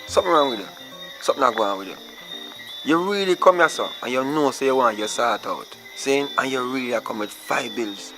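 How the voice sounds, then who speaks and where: Gravelly Jamaican man ranting loudly. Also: mid-range voice, animated, a little fast, soft background music, low-quality recording. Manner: loud, indignant ranting. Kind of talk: comedy sketch acting.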